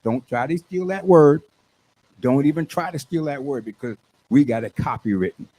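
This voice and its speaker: An older man, a radio station manager hosting his talk show, hyping an event with exuberant, preachy shouts. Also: mid-range voice, moderate pace. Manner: exuberant, preachy call-and-response, shouts when excited. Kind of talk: hyped radio promo talk.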